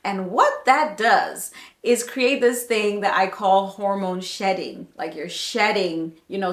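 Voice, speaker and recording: A woman's voice: medium pitch, echoey room. A woman nurse giving chatty, emphatic health advice straight to the viewer in a casual vlog.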